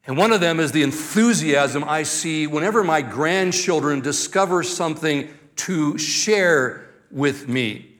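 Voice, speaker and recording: An older man, a grandfather who serves as pastor, preaches a sermon in a fairly bright voice on the high side. He reads scripture aloud, then teaches slowly and deliberately, stressing key words.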